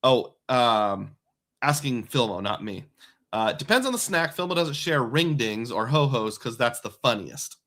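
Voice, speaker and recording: Chatty bright-voiced male streamer. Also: mid-range voice, big pitch swings, moderate pace. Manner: chatty, rambling, reads viewer comments aloud. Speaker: livestream host. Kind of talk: casual live-stream chat.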